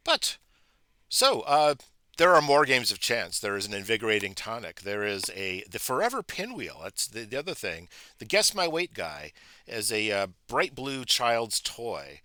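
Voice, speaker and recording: A man's voice: lowish voice, sharp tone, dry recording. A man narrating as game master of a tabletop game, chatty and full of restarts. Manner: chatty, with frequent restarts and filler.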